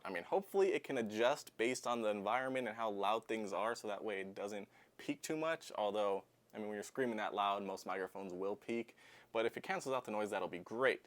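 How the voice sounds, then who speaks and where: A man's voice: lowish voice, fairly quick. A man hosting a product review vlog, talking casually and upbeat while demonstrating the gear hands-on. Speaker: tech reviewer. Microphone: clip-on lavalier.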